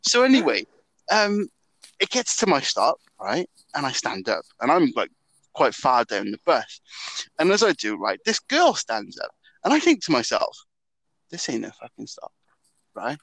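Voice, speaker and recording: A young Welsh man telling a story in casual chat, animated and swearing a lot. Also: fairly high pitch, moderate pace, no room sound, poor audio. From Wales.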